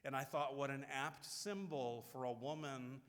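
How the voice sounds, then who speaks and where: A man preaching a sermon in a church with a long echo trailing off his words. His pitch sits in a middle range, and he tells stories in a heartfelt way, often restarting his sentences. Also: measured pace. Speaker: pastor.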